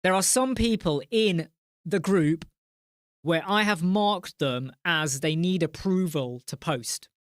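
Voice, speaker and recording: A man's voice: on the high side, slow pace, no room sound, clean studio sound. Ranting man hosting a live chat. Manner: passionate, ranting, swears. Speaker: host.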